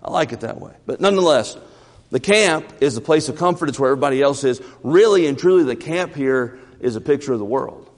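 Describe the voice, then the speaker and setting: A man preaching a sermon in a church, lively, often repeating and stumbling over his first words. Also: mid-range voice, fairly quick. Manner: animated, repeats words, stammers at starts. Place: church sanctuary. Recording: reverberant church hall.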